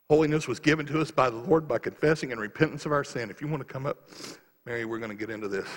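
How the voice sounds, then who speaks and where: A man preaching a sermon, telling a story quietly and then building to fervent, rising exhortation. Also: mid-range voice, very fast. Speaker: pastor. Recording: long reverb of a large hall.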